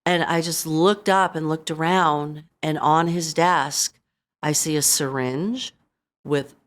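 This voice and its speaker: A middle-aged woman, a podcast guest, telling a painful personal story in a halting way, full of "you know" and re-enacted lines. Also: low voice, steady tone. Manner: halting, full of you-knows, re-enacting her own words.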